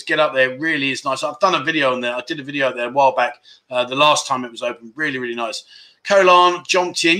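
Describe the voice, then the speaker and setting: A man's voice: a little high, sharp tone. Chatty man hosting a quiz. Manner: chatty, teasing, reads viewer comments aloud. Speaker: livestream host. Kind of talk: casual livestream quiz chat.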